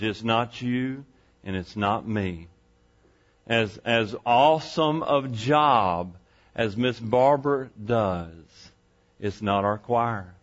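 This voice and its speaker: In a church sanctuary, a man preaches a sermon in a folksy, conversational way, putting rhetorical questions to the congregation as their pastor. His medium-pitched voice has a fairly bright tone, though the audio is dull.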